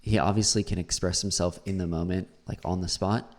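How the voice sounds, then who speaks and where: A man's voice: low-pitched, steady tone, a little fast, a little mellow. A man, an English teacher, critiquing a learner's pronunciation and repeating words aloud to model them.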